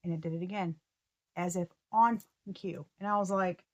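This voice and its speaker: A woman giving a casual tarot reading, excitable and slangy, often breaking off mid-sentence to start over. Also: lowish voice, moderate pace, lo-fi sound. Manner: slangy and profane. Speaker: tarot reader.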